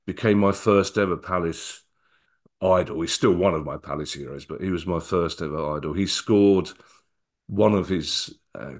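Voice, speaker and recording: A middle-aged man with a lowish voice tells his memories in a loose, rambling way, often stopping to restart a sentence. He speaks casually as an interview guest. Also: normal speed. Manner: rambling, many restarts and repeats.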